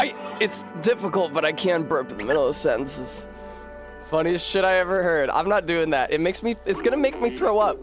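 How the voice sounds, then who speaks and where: Male streamer, slightly high voice, wry off-the-cuff gaming chatter, faint music behind. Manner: rambling, wry, profane. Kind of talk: casual gaming commentary.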